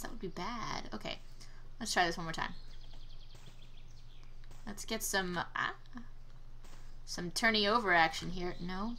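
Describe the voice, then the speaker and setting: Bright-voiced woman doing game commentary. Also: fairly low pitch, unhurried, long pauses, a little hiss or hum. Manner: exclaims and groans at failures, sarcastic asides. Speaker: gameplay commentator. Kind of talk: casual let's-play commentary.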